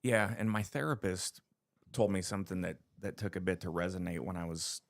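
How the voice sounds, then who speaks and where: A man's voice: deep voice, a little fast, gravelly, no room sound, studio quality. A man on a casual podcast chat, telling stories animatedly and acting out what people said. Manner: animated storytelling, acts out quotes. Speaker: podcast co-host.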